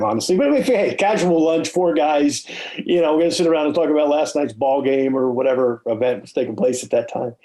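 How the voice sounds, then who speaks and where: A man hosting a podcast interview, telling stories in an animated way and often checking in with "okay?" and "right?". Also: medium pitch, rough recording. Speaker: podcast host. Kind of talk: casual storytelling interview.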